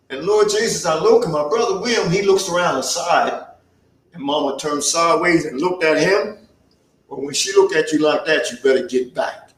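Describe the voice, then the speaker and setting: A storyteller playing an earnest, plainspoken young farmhand turned soldier, spinning his tale in a folksy dialect. His voice sits fairly high and moves slowly, taking its time over each memory. It sounds roomy and a little distant from the mic. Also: a bit bright. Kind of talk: first-person historical storytelling in character.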